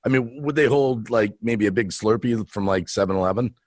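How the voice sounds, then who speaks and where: A man hosting an improvised comedy interview, rambling and halting as he asks absurd questions in earnest. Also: fairly low pitch, darkish tone. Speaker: streamer and mock interviewer.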